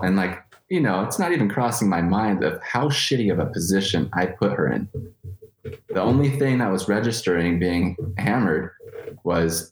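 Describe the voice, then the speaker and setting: A man in his thirties telling a candid personal story, swearing freely and restarting his sentences often. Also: sits low. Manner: candid, profane, halting restarts. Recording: roomy echo.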